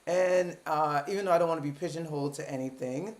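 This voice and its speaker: Her voice sits low with a darkish tone, and she talks fast. She's a thirty-something psychiatrist from Baltimore, United States, casually hosting her own live stream at a computer webcam and making self-deprecating jokes as she goes.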